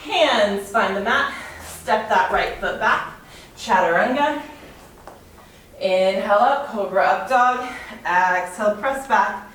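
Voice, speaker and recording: A woman's voice: medium pitch, slow pace, long pauses, fairly bright tone, slight background noise. Female fitness instructor, winded, counts reps and calls cues, distant mic in a very echoey room. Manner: counts reps aloud, cueing moves while exercising. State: out of breath. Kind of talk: guided workout instruction.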